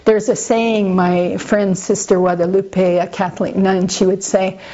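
Mellow-voiced woman giving a relaxed dharma talk. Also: medium pitch, a little slow. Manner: conversational and gently humorous, with frequent asides to listeners. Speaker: Buddhist teacher. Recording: slightly muffled lo-fi recording.

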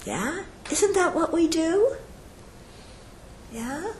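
A woman gives a conversational dharma talk to an audience, speaking extremely slowly in a very high-pitched voice. She checks in with listeners often and acts out quoted speech with lively shifts in voice. The rough recording is reverberant, with a little hiss or hum.

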